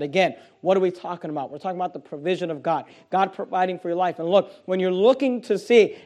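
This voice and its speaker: Guy preaching with a pretty high voice, emphatic, reads scripture then explains it. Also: brisk, a little mellow. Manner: emphatic preaching, reading scripture aloud in King James wording; rhetorical questions, frequent restarts. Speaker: pastor. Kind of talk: sermon.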